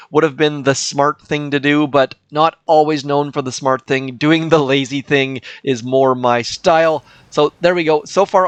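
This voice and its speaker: A man's voice: a little high, clean tone, no echo. An older man casually commentating his gameplay as a channel host, chatty and self-deprecating, thinking aloud as he plays.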